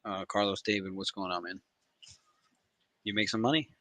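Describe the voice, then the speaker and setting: A man hosting a live trading stream, talking in casual, profane banter with sudden loud outbursts. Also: fairly low pitch, steady tone, normal speed, dry recording, poor audio. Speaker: livestream trading host. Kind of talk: casual livestream chat.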